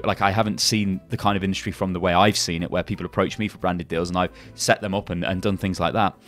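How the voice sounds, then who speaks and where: A man hosting a gaming channel, ranting angrily with heavy swearing and frequent restarts. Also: mid-range voice. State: angry. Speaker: YouTube gaming channel host. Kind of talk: angry commentary video.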